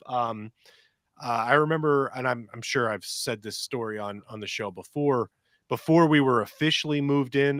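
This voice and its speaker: A man's voice: medium pitch, no echo, clean studio sound. A middle-aged man telling long, rambling stories on a podcast and acting out voices and sounds as he goes. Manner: rambling, animated, acts out quotes and sounds. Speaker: podcast co-host. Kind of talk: casual storytelling chat.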